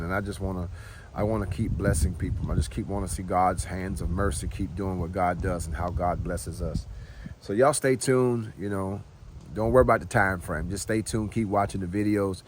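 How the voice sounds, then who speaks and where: A man's voice: low voice, a little hiss or hum. A middle-aged man chatting casually and heartfelt to his viewers, filming outdoors at his home. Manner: easygoing, heartfelt, talks straight to viewers. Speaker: homestead vlogger. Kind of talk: casual talk to camera.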